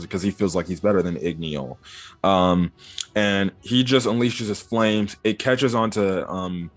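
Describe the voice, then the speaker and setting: Rambling man recapping over faint music. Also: fairly low pitch. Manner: rambling, filler-heavy retelling with quick voiced quotes. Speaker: manga reviewer. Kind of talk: casual video commentary.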